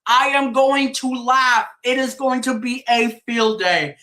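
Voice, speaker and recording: High, bright-voiced woman preaching a mocking rant. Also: steady tone, slow pace. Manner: preachy, mocking, laughs and swears often. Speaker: streamer. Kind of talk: impassioned religious rant.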